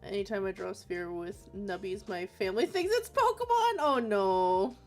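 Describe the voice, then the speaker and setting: A woman chatting casually while she draws, telling animated stories, laughing often, and acting out quotes in squeaky voices. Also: moderate pace, faint music behind. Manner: animated storyteller who acts out quotes in high squeaky voices. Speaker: artist hosting a drawing stream. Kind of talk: casual chat while drawing.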